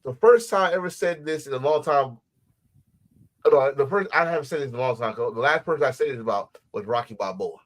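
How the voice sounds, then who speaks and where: A man co-hosting a casual wrestling podcast, animated and profane, breaking into shouts and laughs. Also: medium pitch, a little fast, poor audio. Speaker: podcast co-host.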